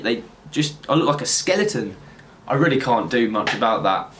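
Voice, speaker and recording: A man's voice: medium pitch, expressive, moderate pace, noisy background. A young man chatting casually to a camera on a tripod, rambling and laughing often. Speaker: vlogger.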